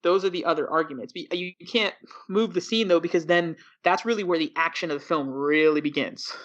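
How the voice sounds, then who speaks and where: A man's voice: a little high, brisk, a bit bright, dull audio. Argumentative man on a film podcast. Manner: argumentative, explains step by step. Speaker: podcast co-host. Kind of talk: casual film discussion.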